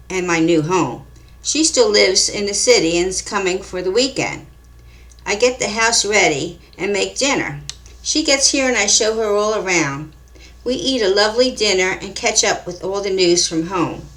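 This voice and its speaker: Woman, story narrator, calm measured delivery, mid-range voice. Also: mid-range voice. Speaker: author and narrator.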